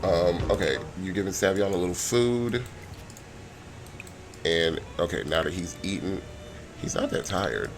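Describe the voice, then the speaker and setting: A man narrating a life-sim game in a relaxed, chatty way, with filler ums. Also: sits low, a little slow, pauses often, over music. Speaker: game streamer. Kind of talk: let's-play narration.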